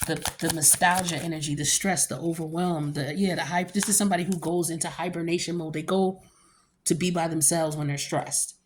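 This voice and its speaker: A fairly low-pitched woman giving a tarot reading straight to her camera. She talks in a loose, chatty way, full of slang and freely dropped curses, as if confiding in friends. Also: a little mellow. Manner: chatty and blunt, loose slang and frequent cursing. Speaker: tarot card reader.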